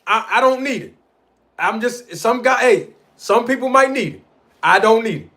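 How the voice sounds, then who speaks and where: A man's voice: very high-pitched, moderate pace. A man hosting a live stream, arguing his point about a boxing feud in slangy street talk and calling out to the people in his live chat. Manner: animated, argumentative, addresses live chat directly. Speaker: livestream host. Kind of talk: boxing commentary livestream.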